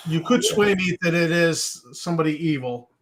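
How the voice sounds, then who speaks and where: A man co-hosting a casual chat, with a high voice for a man. He trades jokey, good-humored banter with the others. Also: lively intonation, moderate pace, a crowd in the background. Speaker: co-host.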